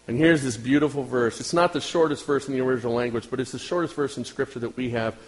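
A man preaching a sermon as pastor, talking directly to his congregation and swinging from loud outbursts to hushed lines. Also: mid-range voice, quick pace, few pauses, poor audio.

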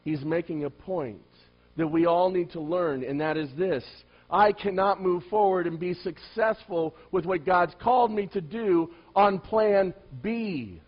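A man preaching a sermon, firing rhetorical questions at the congregation and swinging between loud emphatic lines and quiet low asides. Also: a little slow. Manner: asks the listeners many rhetorical questions. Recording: dull lo-fi recording.

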